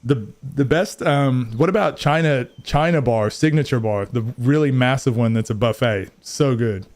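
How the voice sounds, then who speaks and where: A man's voice: medium pitch, moderate pace, darkish tone. Young guy streamer, rambling and swearing, tired late-night banter with chat. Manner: rambling, joking, swears freely, reacts to chat. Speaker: gaming streamer. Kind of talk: casual live-stream chat.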